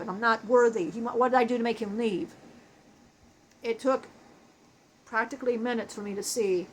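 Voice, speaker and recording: A woman tells a personal spiritual story with deep feeling, pausing and restarting as she goes. Her voice sits slightly high. A faint room ambience runs under her words. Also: a bit bright, a little hiss or hum, rough recording. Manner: halting, emotional, frequent restarts.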